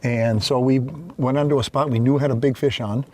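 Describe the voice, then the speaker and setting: A man's voice: mid-range voice, fairly even intonation, moderate pace, darkish tone. A man hosting a fishing show from a boat, folksy and enthusiastic, talking to viewers as folks. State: out of breath after lifting fish. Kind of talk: outdoor fishing show banter. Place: on a boat out on a lake.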